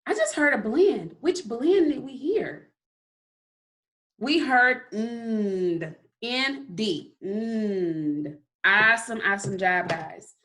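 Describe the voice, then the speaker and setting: A woman's voice: fairly high pitch, expressive, pushed and bright. A woman teaching a recorded phonics lesson to kindergarteners, sounding out letters and praising often. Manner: slow, encouraging, sounds out letters.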